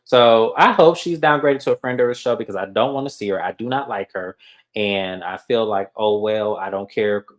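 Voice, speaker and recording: A man's voice: lowish voice, normal speed. A man co-hosting a casual gossip show about reality TV, talking bluntly and with lots of profanity. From California. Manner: blunt, profane, animated asides. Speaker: co-host.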